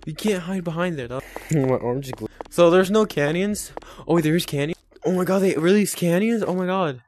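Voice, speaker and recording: A man's voice: high-pitched, a little fast, a little mellow, a little hiss or hum. A man giving gameplay commentary as a gaming YouTuber, jumpy and prone to yelps and screams when startled.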